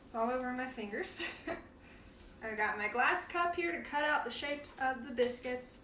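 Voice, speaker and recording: A woman's voice: sits high, unhurried, sharp tone, recorded from a distance, a little hiss or hum. Chatty woman in a roomy kitchen. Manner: chatty and playful, laughs often. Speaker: cooking show host. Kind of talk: casual live cooking demonstration. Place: home kitchen. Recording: roomy kitchen sound, from off the mic.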